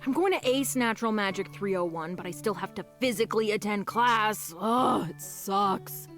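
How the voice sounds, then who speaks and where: A restless wolfish student girl played by a woman talks in a breezy, self-assured way in a game. Her voice sits mid-range. Soft music hums behind her. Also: mid-range voice, normal speed, natural voice. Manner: breezy and self-assured, sighing about being stuck.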